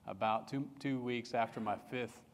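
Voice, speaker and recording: Middle-aged pastor preaching in a reverberant hall. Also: male voice, medium pitch, fairly even intonation, slight background noise. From England. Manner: halting, personal storytelling with many restarts. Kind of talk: sermon.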